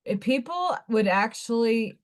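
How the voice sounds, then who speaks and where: A woman's voice: a little high, expressive, unhurried. A woman hosting a live stream, chatting casually in a rambling way with blunt asides. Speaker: livestream host.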